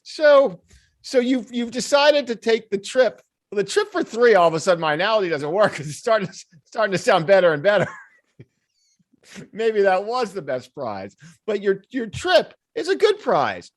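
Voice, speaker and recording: A man co-hosting a podcast in casual chat, his pitch swinging widely as he spins out hypotheticals. He is an animated storyteller who laughs easily and slips into the voices of the people in his stories. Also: normal speed. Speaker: podcast co-host.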